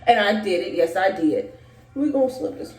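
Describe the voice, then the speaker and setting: A pregnant young vlogger, breathless, chats to viewers as she cleans her bathroom at home for a casual video. She speaks at normal speed in a medium-pitched, animated, darkish voice, with faint music behind her and the echo and light noise of a home room.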